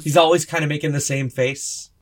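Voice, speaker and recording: A man in casual podcast talk about films, offering relaxed, matter-of-fact opinions. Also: a little high, a little fast. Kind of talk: casual film discussion.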